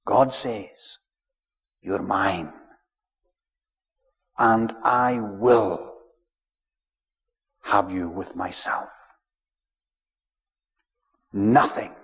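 Slow, solemn preacher in a church. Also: male voice, medium pitch. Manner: measured, solemn, drawing out key words. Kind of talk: sermon. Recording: dull lo-fi recording, long church reverb.

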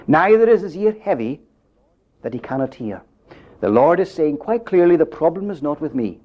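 A man preaching a sermon, building up to emphatic questions and dropping his voice low at the end of phrases. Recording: dull lo-fi recording.

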